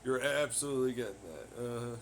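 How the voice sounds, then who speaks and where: This podcast host is a young man ranting at home on laundry day, cursing heavily throughout his casual rambling. He talks fast in a mid-range voice with lively intonation, and a little hiss or hum sits under the recording.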